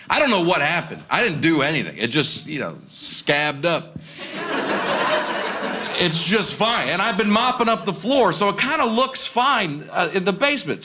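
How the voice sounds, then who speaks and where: A male stand-up comic with a slightly high voice works through a deadpan, self-deprecating story, slipping into other people's lines as he goes. He is on a live stage mic, and crowd noise is clearly heard under him. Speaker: stand-up comedian. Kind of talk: stand-up comedy set. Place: theater stage with a laughing audience. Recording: live show with audible audience noise.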